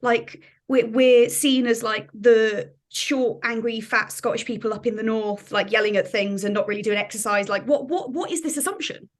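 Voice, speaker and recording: High-voiced chatty woman guest. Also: normal speed, hardly any pauses. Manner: chatty, many "like" fillers. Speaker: podcast guest. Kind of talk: casual film discussion.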